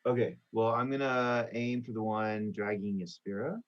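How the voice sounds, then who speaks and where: A man's voice: fairly low pitch, steady tone, normal speed, highs cut off. A man playing in a tabletop role-playing game, thinking aloud and working out his moves with some hesitation. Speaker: player.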